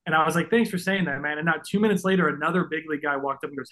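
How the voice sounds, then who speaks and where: A man's voice: on the high side, fast, fairly bright tone, low-quality recording. A man in his thirties, a baseball player guest, talking earnestly and emotionally in a casual podcast chat, full of fillers. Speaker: guest, pro baseball pitcher.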